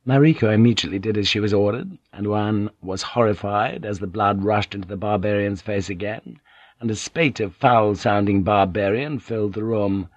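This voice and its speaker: A man narrating an audiobook in a measured storytelling manner. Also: on the low side, no echo, highs cut off. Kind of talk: scripted narration.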